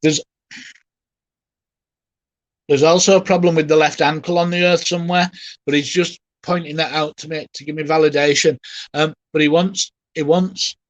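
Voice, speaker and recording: A spiritualist medium's voice, a little high and flat in delivery, carries a live reading that is gentle, halting and often emotional. He softly reassures the person he addresses. The recording is dry.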